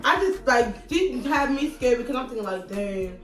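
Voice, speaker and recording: A young woman telling a story in casual chat, animated and laughing, with lots of swearing. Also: high voice, moderate pace. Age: young adult. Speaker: guest friend. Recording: roomy echo, distant mic, faint music.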